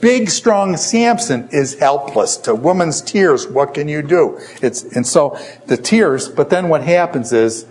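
A male preacher giving an animated, conversational sermon, asking the audience questions and joking about himself. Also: fairly high pitch, unhurried, few pauses. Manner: self-deprecating humor.

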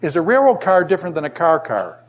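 Older guy teaching a class, chatty, keeps asking the room questions, kinda high voice. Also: wildly swooping pitch, fast. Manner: conversational, asks the class many questions. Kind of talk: classroom lecture.

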